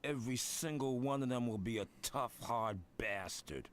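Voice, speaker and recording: A man voicing a tough male militia drill instructor in a video game, blunt and rough-spoken. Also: medium pitch, moderate pace, slight background noise, close to an everyday voice. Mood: gruff. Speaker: game character.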